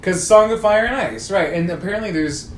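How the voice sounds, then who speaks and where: A joking podcast co-host whose pitch swings widely as the talk bounces along. The room is echoey, with faint ambience behind. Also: fairly quick, slight background noise. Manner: lively and joking, laughs often. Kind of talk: casual chat.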